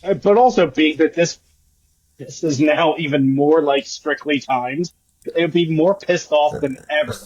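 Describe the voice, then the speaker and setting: A man co-hosting a podcast, talking baseball in quick, jokey, profane banter. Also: fairly high pitch, darkish tone. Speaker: podcast co-host. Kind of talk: casual sports chat. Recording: dull lo-fi sound.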